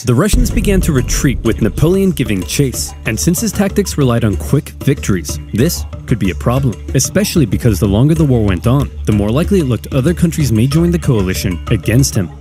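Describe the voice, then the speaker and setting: A man giving scripted, comedic history narration with a brisk, punchy, dramatic delivery. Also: mid-range voice.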